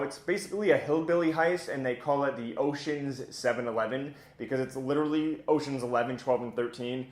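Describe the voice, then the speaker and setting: A man's voice: mid-range voice, reverberant. A man giving a casual, blunt and opinionated spoken film review as host of his own channel, chatty with plenty of filler words.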